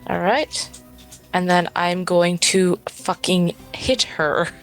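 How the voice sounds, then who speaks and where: Woman tabletop player, low voice with gravelly fry, hesitant and thinking aloud. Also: takes it slowly, soft background music. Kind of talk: casual tabletop play.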